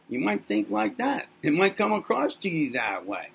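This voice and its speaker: Gravelly, bright-voiced man teasing. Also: fairly high pitch, very animated, normal speed, hardly any pauses. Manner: teasing, talks as if to babies. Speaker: self-help channel host. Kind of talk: playful monologue to camera.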